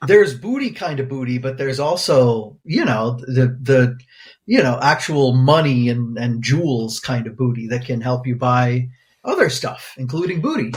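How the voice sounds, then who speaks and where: A man co-hosting a podcast in loose, casual banter. He rambles through thoughts full of "you know" and "um" and laughs easily. His pitch sits in the middle for a man. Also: big pitch swings, moderate pace. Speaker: podcast co-host, pediatric infectious disease doctor.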